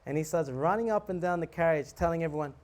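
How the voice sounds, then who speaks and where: A monk preaching who tells a lively story, acting out scenes and laughing. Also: male voice, a little high, quick pace. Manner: animated, laughing, acts out scenes. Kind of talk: storytelling sermon.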